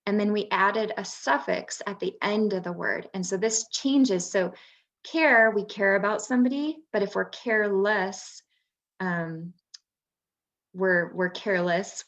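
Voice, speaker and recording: An unhurried woman walking parents through reading skills, taking her time with each point and pausing to find her words. She sounds like the teacher she used to be, patient and explanatory. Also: on the low side. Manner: patient, many "um" pauses. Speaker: parent workshop presenter, former teacher. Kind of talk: explanatory presentation.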